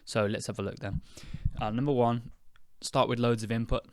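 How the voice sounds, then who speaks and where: A young British man hosting an English-learning podcast, speaking slowly and clearly in a chatty, relaxed way with fillers. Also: medium pitch, no room sound, studio quality. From United Kingdom. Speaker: podcast host and English teacher. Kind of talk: casual spoken lesson.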